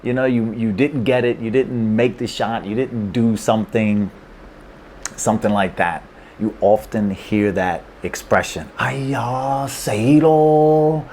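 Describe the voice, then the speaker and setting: Laid-back low-voiced man teaching casually. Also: fairly even intonation, unhurried, a little mellow, slight background noise. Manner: checks in with frequent 'okay?' and 'right?'. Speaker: language teacher. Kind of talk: casual explainer lesson.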